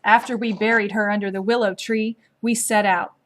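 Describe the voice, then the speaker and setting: A woman narrating a story aloud in a slow, measured, gently expressive storybook reading. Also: medium pitch.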